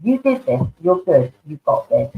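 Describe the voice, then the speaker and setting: A woman's voice: fairly low pitch, very animated, moderate pace. Tinny-sounding chatty woman. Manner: affectionate, chatty, calls people darling. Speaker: tarot card reader. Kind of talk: live online card reading. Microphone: online video stream. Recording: tinny phone-like online audio.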